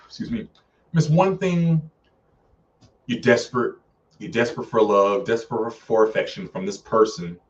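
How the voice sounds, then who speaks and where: A man's voice: mid-range voice, big pitch swings, moderate pace, pauses often, recorded from a distance, highs cut off. A man reviewing films in a casual live stream, chatty and full of fillers, often acting out characters' lines. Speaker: film reviewer.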